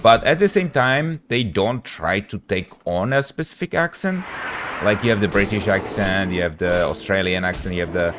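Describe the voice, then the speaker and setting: A man's voice: lowish voice, animated, moderate pace, background noise. A man from Europe, a game streamer, chatting casually with his live audience in a rambling, laid-back way full of slang.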